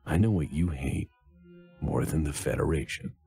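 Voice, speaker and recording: A man voicing a smooth-talking male starship captain who speaks in a slow, hushed, conspiratorial way. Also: medium pitch, sing-song, soft background music, full character voice.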